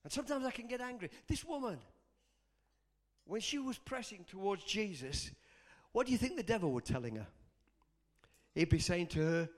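Animated preacher, high voice. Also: male voice, normal speed. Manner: impassioned, call-and-response, storytelling. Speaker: pastor. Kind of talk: sermon.

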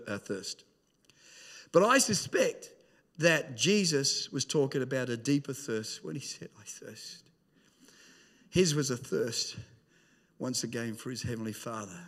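A man preaching a sermon, dropping to hushed tones and rising to shouts. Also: a little high. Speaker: pastor.

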